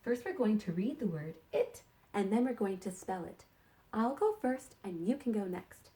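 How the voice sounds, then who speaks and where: A woman teaching sight words to young kindergarten children in a slow, encouraging sing-song way. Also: mid-range voice, expressive, warm tone.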